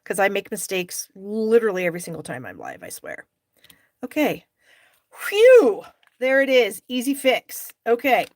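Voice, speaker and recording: A woman's voice: medium pitch, sing-song, moderate pace, dry recording, clean studio sound. A middle-aged woman hosting a live stamping class, chatting with viewers by name and openly frustrated at her own mistakes. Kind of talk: live crafting demonstration.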